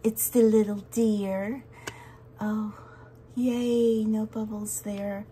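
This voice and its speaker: A woman chatting to her viewers as she works on a craft project, excitable and talkative. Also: mid-range voice, very slow, slight background noise. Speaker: resin craft vlogger. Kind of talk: casual crafting vlog chat.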